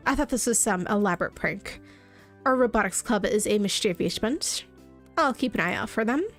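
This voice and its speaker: A woman's voice: mid-range voice, lively intonation, normal speed, faint music behind, natural voice. A woman voicing a skeptical school receptionist in a game, curt and doubtful.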